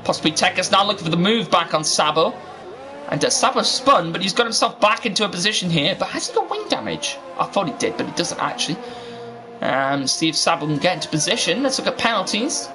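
A man's voice: high voice, very animated, fairly quick, over music. A man doing live sim racing commentary, chatty and rambling, often restarting his sentences. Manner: rambling, self-interrupting, chatty. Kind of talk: live esports race commentary.

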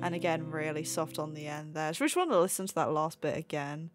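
A woman's voice: sits low, fast talker, over music. A woman, a singer, reacting to a song in casual, enthusiastic commentary, picking apart the vocal technique. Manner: enthusiastic, gushing and analytical about vocal technique.

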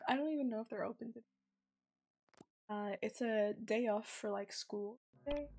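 A young woman streamer with a hoarse, sick voice, chatting casually and swearing as she plays. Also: a little high, darkish tone. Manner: chatty, swears freely, thinks aloud. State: hoarse from sickness and morning voice. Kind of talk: casual gameplay commentary.

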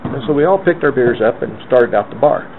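A man in his fifties telling a lively story in an oral history interview, acting out the lines of the people in it. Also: medium pitch, fairly quick. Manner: lively anecdotal storyteller, acts out quoted lines. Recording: narrow phone-like band with faint hiss.

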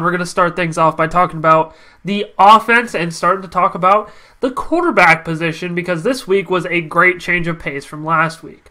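A young man hosting a casual football recap, energetic and confident, his voice stuffy from a cold. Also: sits high, moderate pace. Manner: energetic, confident fan talk. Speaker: sports channel host.

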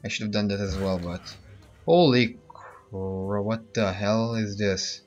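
A man's voice: fairly low pitch, takes it slowly, a little mellow. Let's-play host, male, hesitant and chatty; dull lo-fi mic over faint game music. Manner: thinking aloud, hesitant with many fillers. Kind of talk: casual gameplay commentary.

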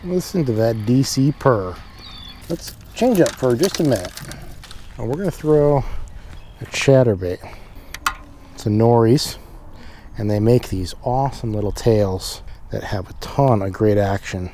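A man's voice: mid-range voice, measured pace, long pauses, a little hiss or hum. A young man hosting a fishing channel, chatting casually and upbeat outdoors by a pond in the rain, talking to a camera mic. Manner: upbeat, excited when catching fish. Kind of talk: casual outdoor vlog talk.

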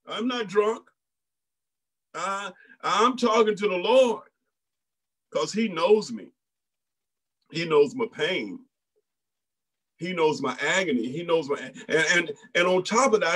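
Male pastor, high voice, preaching with call-outs and acted-out quotes. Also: measured pace, long pauses, fairly bright tone, poor audio. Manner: preaching in a folksy Black church style, with repeats and exclamations; acts out voices in quoted lines. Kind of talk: sermon.

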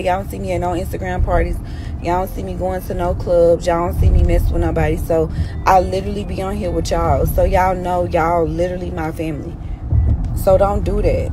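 A hoarse woman chatting casually with her followers on a phone live stream from inside a car, teasing and scolding them. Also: on the low side, noisy background. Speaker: social media personality on a live stream.

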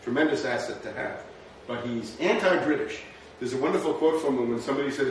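Speaking slightly fast at medium pitch, a man gives a history lecture that's conversational and rhetorical, frequently checking in with "right?". Sound is from a distant mic in a lecture room with heavy echo and faint noise.

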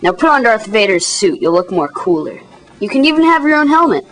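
A young woman doing all the voices in a homemade toy-figure animation, jumping from one character to the next with big pitch swings. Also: sing-song, brisk. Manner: switches pitch wildly between characters, often squealing high.

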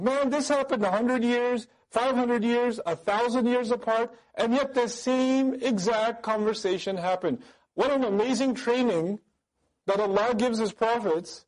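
A man giving a lively Quran commentary lecture, firing off rhetorical questions and mimicking critics. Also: high voice, low-quality recording. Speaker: Quran teacher. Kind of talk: sermon-style Quran commentary.

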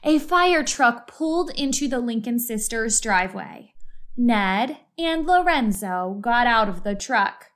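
Lady reading a kids book out loud, slow, bouncy sing-song voice. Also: on the high side. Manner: expressive, slow read-aloud. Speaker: storybook reader. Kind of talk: reading a children's book aloud.

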